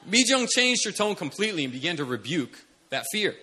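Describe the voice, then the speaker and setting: A man preaching a sermon, animated, shifting from soft mimicry to loud commands. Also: high-pitched, brisk, slight background noise. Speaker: pastor.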